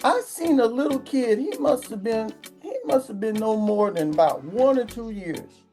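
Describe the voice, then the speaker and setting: A woman's voice: on the high side, animated, moderate pace, mellow, soft background music. A woman vlogger delivering a profane comedic rant, swearing constantly and acting out the people she complains about. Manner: crude, swearing, acts out quoted voices.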